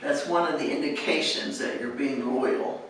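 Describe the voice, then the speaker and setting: A woman's voice: rumbling low, moderate pace, slight background noise. An American woman teaching pronunciation, patiently repeating words for her students to echo. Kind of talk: patient drill-based pronunciation lesson. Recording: echoey room, distant mic, faint ambience.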